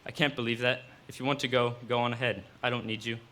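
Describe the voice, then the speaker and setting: A man's voice: medium pitch, level tone, fast talker, bright, forceful tone, a little hiss or hum, natural voice. A man voicing a young wife, pleading and urgent with her hurt husband.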